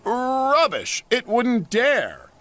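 A man's voice: medium pitch, big pitch swings, normal speed, fairly bright tone, breathy edge, pitched above the performer's own voice. A man voicing a vain, boastful male steam engine with a haughty, show-off manner. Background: music.

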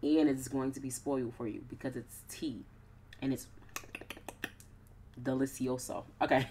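A woman's voice: a bass voice, steady tone, measured pace, long pauses, mellow, slight background noise. A young woman casually commenting on her life-sim gameplay with playful, slangy asides. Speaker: gaming YouTuber.

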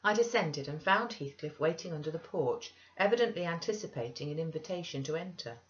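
A woman narrating a classic novel in a measured, even manner. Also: sits low, a little hiss or hum. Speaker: audiobook reader. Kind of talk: classic novel read aloud. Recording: dull lo-fi recording.

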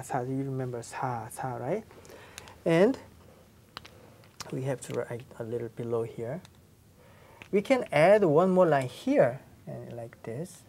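A woman's voice: sits low, a little mellow. A middle-aged Korean woman with a Korean accent, whose first language is Korean, teaching a language class in English and patiently repeating sounds for students to copy. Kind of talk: classroom lecture.

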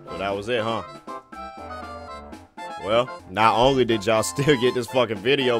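A man's voice: on the low side, unhurried, long pauses. Young man, gaming commentary, casual slang, swearing, music behind. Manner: laid-back, profane slang. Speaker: gaming YouTuber. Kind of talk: casual let's-play commentary.

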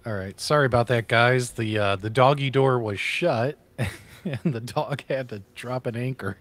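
A man's voice: mid-range voice, unhurried. A man co-hosting a casual podcast chat, friendly and steering the topics. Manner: lively, friendly, leads topics. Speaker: co-host.

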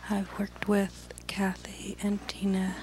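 Woman presenter, conference talk, monotone, hesitant delivery. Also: medium pitch, slow, slight background noise, poor audio. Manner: hesitant, with fillers.

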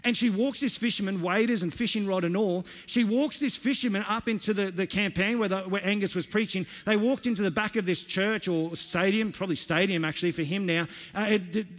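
A man's voice: high voice, fairly quick, hardly any pauses. A man preaching a sermon, telling stories conversationally with frequent restarts. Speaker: pastor. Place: church hall. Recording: long echo of a church hall.

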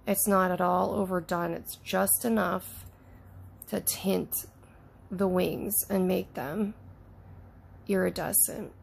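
A woman chatting casually as she unboxes toys, gushing and excitable, often talking to the toys and sometimes dropping into soft whispers. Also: lowish voice, slow, gravelly, long pauses, husky. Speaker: toy unboxing YouTuber.

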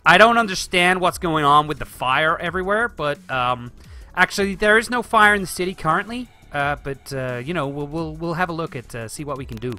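A man's voice: fairly high pitch, sharp tone. A man putting on a rambling American accent. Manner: hesitant, filler-heavy.

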